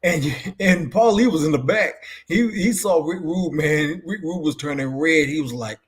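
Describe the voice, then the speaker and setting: A man chatting casually about wrestling, acting out the people in his stories as he goes. His voice sits a bit higher than most men's. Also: normal speed, husky. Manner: animated storyteller who acts out quoted voices.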